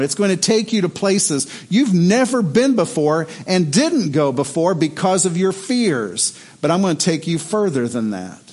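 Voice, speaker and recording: A middle-aged man preaching a sermon as pastor, telling stories in an animated way. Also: on the high side. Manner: animated storytelling, voice rising in excitement.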